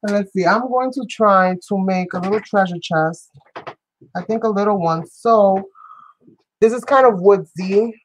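A woman's voice: mid-range voice, unhurried, a little hiss or hum, poor audio. A woman hosting a live crafting show, chatting playfully with viewers as she works and often breaking into giggles. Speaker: crafting channel host. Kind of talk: live crafting demonstration chat.

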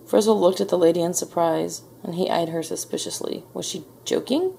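A woman reading a children's picture book aloud in a gentle, measured storytelling manner. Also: fairly low pitch, fairly even intonation, gravelly, slight background noise. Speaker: storybook reader. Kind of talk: children's read-aloud narration.

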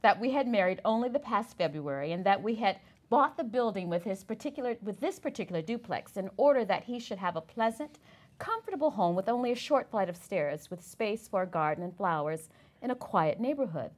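A woman reads a memoir excerpt aloud to a class, telling the story with expression. Her pitch moves in a lively way through each sentence, at an ordinary middle height. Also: a little fast. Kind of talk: reading a memoir aloud in a lecture.

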